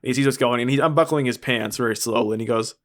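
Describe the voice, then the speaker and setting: A man's voice: medium pitch, racing. A man co-hosting a podcast who riffs on a bad film in casual chat, with a sarcastic, mocking tone and frequent laughter. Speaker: podcast co-host.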